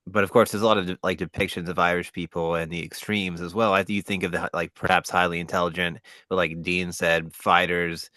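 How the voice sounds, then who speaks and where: A man hosting a podcast, asking a guest questions in a measured way with hesitant fillers. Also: low voice, flat delivery, sharp tone, no echo. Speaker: podcast host. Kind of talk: casual podcast chat.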